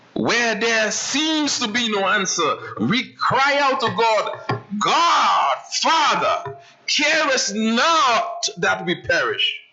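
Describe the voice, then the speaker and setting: A male pastor preaching a sermon dramatically, swinging from raised passages to hushed ones. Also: high-pitched, slight background noise. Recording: dull lo-fi church livestream.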